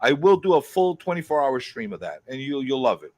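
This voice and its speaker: A man hosting a casual livestream chat, greeting viewers in a quick, excitable, profane way. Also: mid-range voice, slight background noise. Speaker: host.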